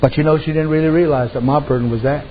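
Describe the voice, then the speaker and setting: A man with a high voice preaches, spinning plain-spoken stories and tossing in amens and "you know" as he goes. The recording is muffled, with a faint hum of room noise underneath. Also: steady tone, fast. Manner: folksy storytelling, frequent amens and "you know". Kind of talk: sermon.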